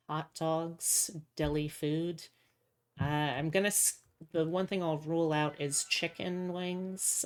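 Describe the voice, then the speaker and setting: A woman streamer chatting casually with her viewers in a rambling, indecisive, self-mocking way. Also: low voice. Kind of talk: casual livestream chat.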